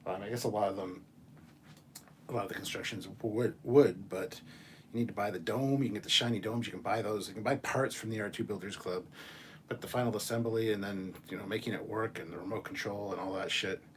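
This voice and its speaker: A man hosting a casual chat show, reading viewer messages and ranting in an animated, profane way. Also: fairly low pitch, fast, slight background noise. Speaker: channel host.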